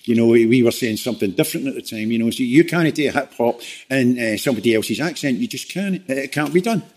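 A man's voice: mid-range voice, animated, quick pace, a little mellow. Rambling man in casual chat. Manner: rambling, full of "you know" fillers and restarts. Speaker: guest.

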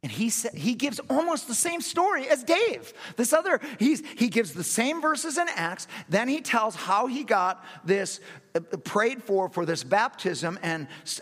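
A man preaching a sermon, telling stories and acting out quotes, animated, laughing at himself. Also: high voice. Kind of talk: sermon storytelling. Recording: long hall reverb.

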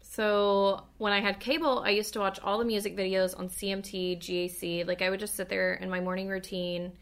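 A woman co-hosting a podcast in casual chat, emphatic and animated, tripping over words when fired up. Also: medium pitch. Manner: animated, emphatic, quick asides, stutters when worked up. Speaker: podcast co-host.

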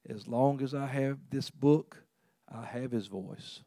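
A man preaching a sermon in a conversational, earnest way, with frequent restarts and sudden rises in pitch and volume. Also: takes it slowly, mellow, no echo, clean studio sound. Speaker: pastor.

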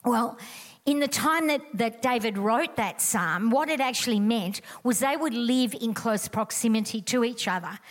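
A middle-aged woman delivers a sermon. She talks to the congregation in a chatty, emphatic way and drives her points home by repeating them. Her voice sits somewhat high for a woman. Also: normal speed. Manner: emphatic, conversational, repeats key lines. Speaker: preacher.

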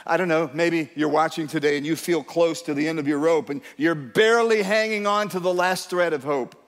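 A middle-aged male pastor preaches in a church sanctuary, where a long reverb trails his voice. He sits a little higher in pitch than most men. His delivery is emphatic, and he keeps urging the listeners to answer him. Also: brisk. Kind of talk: sermon.

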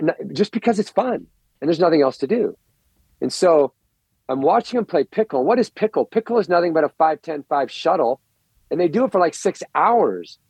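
Excitable rambling middle-aged man. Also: a little high, slightly rough, no echo. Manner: excitable, rambling, repeats words. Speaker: infield coach, podcast guest. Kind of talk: animated storytelling interview. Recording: dull, lo-fi, dry recording.

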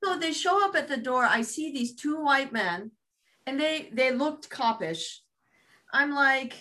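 A woman with a bright, fairly high voice tells a story in lively, emphatic casual chat. She acts out quoted dialogue with energy. She is a podcast co-host. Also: measured pace.

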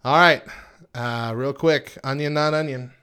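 A man's voice: medium pitch, steady tone, a little slow, pushed and bright, clean tone. A man co-hosting a podcast in casual chat, joking, laughing often and going off on tangents. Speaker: podcast co-host.

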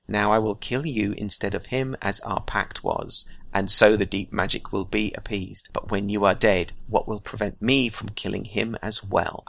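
A man voicing a cruel witch queen, speaking slowly and coldly in a storybook reading. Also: on the low side, creaky, bright, forceful tone, no echo, heavily acted. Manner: slow, cold and deliberate. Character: cruel female witch queen, cold and gloating.

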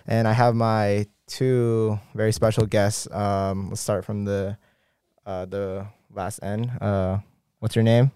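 Young guy hosting a chill podcast, smooth voice, dry close sound, lots of laughs. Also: lowish voice, little pitch movement, dark tone, dry recording. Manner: joking, laughs often, drawn-out fillers. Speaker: podcast host. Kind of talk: casual chat.

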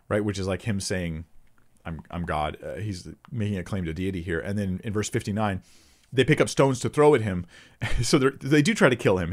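A man hosting a Bible question-and-answer session, explaining scripture in a relaxed, unscripted way, often thinking aloud and restarting his sentences. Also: lowish voice. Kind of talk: casual unscripted Bible teaching.

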